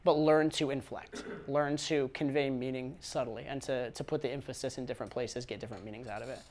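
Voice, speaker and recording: A man's voice: mid-range voice, fairly even intonation, a little fast, a little mellow. A man giving casual dating advice, talking conversationally with repeated words and frequent "right?" tag questions. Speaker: dating coach.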